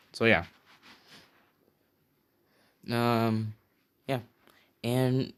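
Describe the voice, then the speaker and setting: A man's voice: fairly low pitch, darkish tone. A man improvising a fan-made story, rambling casually with many fillers and restarts. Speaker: channel host telling a fan story.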